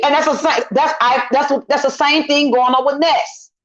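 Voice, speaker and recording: A woman's voice: sits high, fairly even intonation, moderate pace, few pauses, fairly bright tone. A middle-aged woman guesting on a casual online commentary chat, talking emphatically and repeating her points as she vents. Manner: emphatic, repetitive, indignant venting. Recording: lo-fi dull audio.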